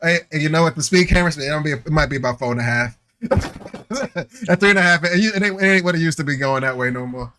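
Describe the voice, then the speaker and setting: A man in his forties co-hosting a live podcast, telling stories in an animated, joking casual chat. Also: fairly high pitch, quick pace. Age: 40s. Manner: animated, joking, laughing storyteller. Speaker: podcast co-host.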